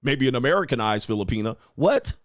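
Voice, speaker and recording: Speaking quickly in a mid-range voice with lively intonation, a young livestream host reads his chat and rants at it profanely and mockingly, often laughing. There's no echo, and the sound is studio quality.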